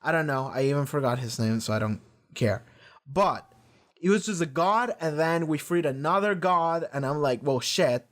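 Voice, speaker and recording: Rambling, profane man with a higher voice. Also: expressive, normal speed, fairly bright tone. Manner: rambling, profane, lots of restarts. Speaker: reaction video host. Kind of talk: casual rambling episode discussion.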